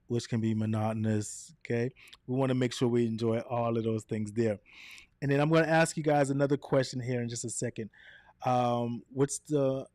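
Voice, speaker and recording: A man presenting a live online coaching session, energetic and direct, swinging his voice up and down and checking in with "right?" and "okay?". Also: medium pitch, dry recording, clean studio sound. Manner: energetic, varies his voice up and down, quick asides. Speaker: presenter of a live video workshop.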